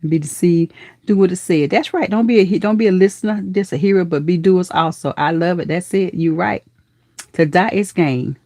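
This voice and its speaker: Chatty low-voiced woman hosting a live stream. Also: moderate pace, no room sound, clean studio sound. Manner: chatty and affectionate, calls viewers honey, baby and girl; lively, with pitch leaping up in excited greetings. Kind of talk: casual live-stream chat with viewers.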